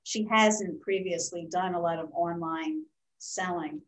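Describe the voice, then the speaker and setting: A woman's voice: fairly low pitch, fairly even intonation, a little slow, a little hiss or hum, rough recording. Casting: older American woman host, chatty storyteller, laughs at herself. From Philadelphia, United States. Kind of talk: casual video chat.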